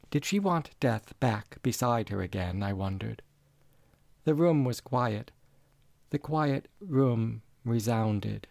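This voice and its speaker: Slow, gravelly male story narrator. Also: mid-range voice, animated, no echo. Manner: quiet, measured, reflective. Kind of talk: reading a literary story aloud.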